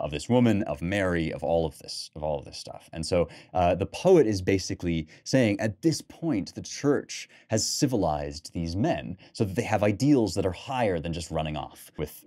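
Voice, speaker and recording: A young man hosting a podcast, reading poetry aloud and then discussing it in an animated, emphatic way, with fillers and restarts. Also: sits low. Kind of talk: lecture-style commentary with read passages.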